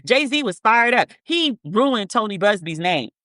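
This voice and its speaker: A woman's voice: medium pitch, very animated, unhurried, pushed and bright, no room sound. A woman hosting a podcast in blunt, profane commentary, repeating words for emphasis as she reads statements aloud. Her voice sits in the middle of the range. The sound is dry and close, with no room around it. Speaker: podcast host. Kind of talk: casual commentary.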